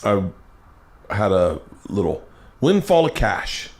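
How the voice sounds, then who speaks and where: A man's voice: on the low side, very animated, slow. A middle-aged male comedian telling rambling, profane anecdotes on a podcast, often breaking into laughter. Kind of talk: storytelling podcast chat.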